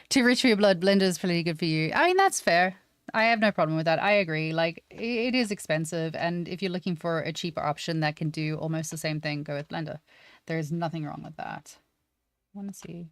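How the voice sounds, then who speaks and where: A woman teaches 3D sculpting on a live stream, chatting casually, thinking aloud and poking fun at herself as she figures things out. Her voice is lowish and the recording has no echo.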